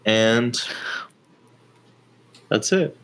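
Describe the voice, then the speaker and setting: Slow, laid-back male podcast co-host. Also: medium pitch, animated, a bit bright, slight background noise. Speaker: podcast co-host, band member. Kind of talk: casual chat.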